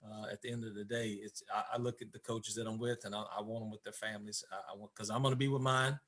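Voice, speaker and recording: A man who coaches, speaking as an interview guest about his marriage, halting and repeating words as he searches for his thoughts. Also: fairly low pitch, little pitch movement, fairly bright tone. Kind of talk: candid conversation about marriage.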